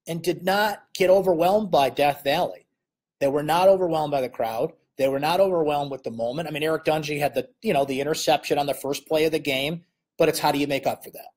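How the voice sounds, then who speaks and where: Husky-voiced man doing postgame sports talk. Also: medium pitch. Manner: animated, conversational, many fillers. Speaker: sports columnist host. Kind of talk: live postgame commentary.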